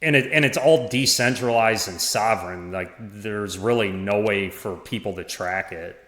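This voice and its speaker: A man talking as a podcast guest, in a halting way with many restarts and small laughs. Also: on the low side, fairly bright tone. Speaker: podcast guest, former parish administrator. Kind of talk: casual conversation. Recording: roomy echo.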